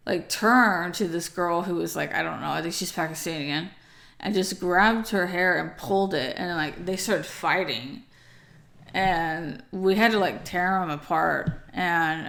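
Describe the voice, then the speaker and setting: A woman's voice: fairly low pitch, fairly bright tone. A young woman casually recounting a story in a rambling way, with lots of fillers and restarts, sounding tired.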